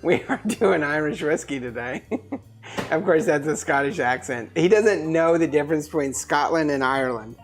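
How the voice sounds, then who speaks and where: A woman with a notably low voice co-hosts a casual whiskey chat at home. She teases her partner and laughs often. Her talk is relaxed and playful. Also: moderate pace, faint music behind. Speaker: co-host of a whiskey show.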